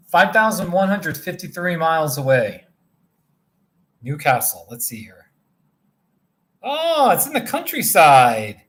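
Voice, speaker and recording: Rambling through a relaxed livestream from a motel room, a weary host reads viewer messages and addresses people by name. His voice is high-pitched and sharp.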